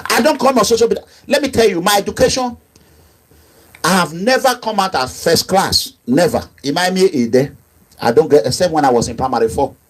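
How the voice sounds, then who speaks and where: An activist leader, a middle-aged man with a Nigerian accent, speaks in a brisk, animated impassioned monologue. He repeats himself emphatically, muttering low asides and breaking into raised outbursts.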